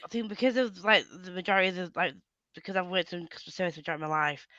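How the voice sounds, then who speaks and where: A woman's voice: lowish voice, rapid-fire, bright, forceful tone, no room sound, highs cut off. A woman from northern England with a Yorkshire accent, chatting casually on a video call, laughing often and swearing freely. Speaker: reading sprint co-host. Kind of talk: casual group video chat.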